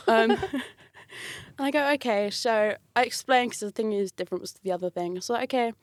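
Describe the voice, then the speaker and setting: In a dry recording, a woman with a slightly high voice talks fairly quickly in casual conversation. She tells an animated work story, laughing often and acting out the quotes.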